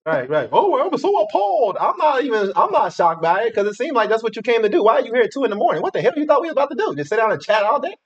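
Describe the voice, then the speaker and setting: Blunt joking man, lively high voice. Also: rapid-fire, few pauses. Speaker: co-host reacting. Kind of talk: reaction commentary. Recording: dull lo-fi sound.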